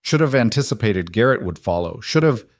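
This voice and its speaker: A man voicing a rugged, protective cowboy who speaks quietly and with restraint. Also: fairly low pitch, very animated, fairly quick, no room sound, studio quality. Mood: remorseful, tender.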